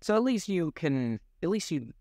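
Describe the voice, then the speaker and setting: Speaking at a moderate pace in a voice on the high side, a young male voice actor co-hosts a loose, funny chat. He's an animated, rambling storyteller who laughs frequently, and the studio-grade recording is dry.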